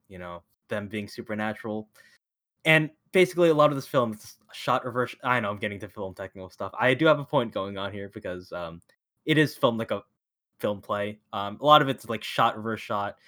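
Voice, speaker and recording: A slightly low-voiced man co-hosting a casual podcast, speaking over a remote call mic. He is blunt and critical, and he laughs often as he talks. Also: lively intonation, a little fast, pushed and bright. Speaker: podcast co-host.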